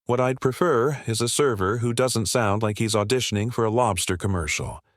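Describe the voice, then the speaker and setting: A man's voice: mid-range voice, moderate pace, dry recording, clean studio sound, lightly acted. A man voicing a brash, rude diner. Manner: brash, mocking, complaining. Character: loud rude middle-aged male Texan diner.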